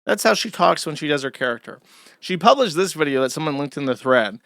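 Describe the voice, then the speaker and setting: Scornful man ranting, bright tone. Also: fairly high pitch, lively intonation, fairly quick, gravelly, slight background noise. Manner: scornful, profane, emphatic. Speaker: host. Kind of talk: commentary rant.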